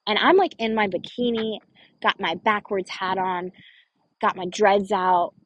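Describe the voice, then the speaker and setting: Woman, husky breathy voice, earnest casual storytelling, dry close sound. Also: medium pitch, unhurried, fairly bright tone, no echo, dull audio. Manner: earnest, conversational, frequent "like" fillers. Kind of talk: personal storytelling.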